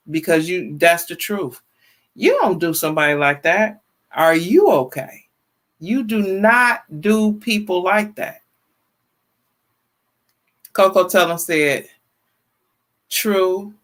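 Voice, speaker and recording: A woman in her fifties hosting a casual livestream, chatty and lively, greeting viewers by name and often repeating herself in colloquial phrasing. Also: medium pitch. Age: 50s. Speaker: livestream talk show host. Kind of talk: casual livestream chat, reading viewer comments.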